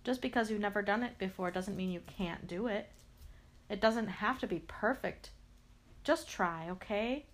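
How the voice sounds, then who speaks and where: A woman reads a picture book aloud with expression, addressing the character playfully and throwing in sound effects. Her pitch is medium and her pace moderate.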